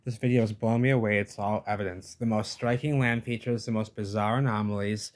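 A man with a fairly low voice commenting over video footage. He talks emphatically and dismissively, circling back to the same catchphrases again and again. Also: steady tone, a little fast.

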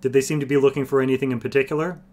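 A man's voice: medium pitch, steady tone, rapid-fire, dark tone, pitched above the performer's own voice, natural voice. A man voicing an ancient, wry old male sorcerer who explains things blandly and patiently. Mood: wry explaining.

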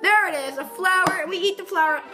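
A shrill, very high-pitched woman delivers profane, sneering commentary while she plays. She grumbles along in a low mutter, then erupts into loud yelling. Game music runs clearly underneath her voice. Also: quick pace. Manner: foul-mouthed, mocking, bursts into yelling. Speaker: gameplay commentator.

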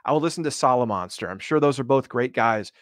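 A man's voice: medium pitch, lively intonation, fast talker, no echo. Male co-host, sardonic and foul-mouthed, rambling, dry close sound. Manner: sarcastic, profane, rambling. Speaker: podcast co-host. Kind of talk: casual podcast chat.

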